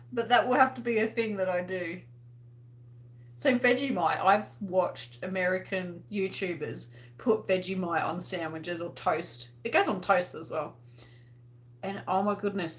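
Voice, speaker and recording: The host, an Australian woman with a lowish voice, runs an easygoing livestream where she works through viewers' comments, laughing, chatting and using lots of fillers.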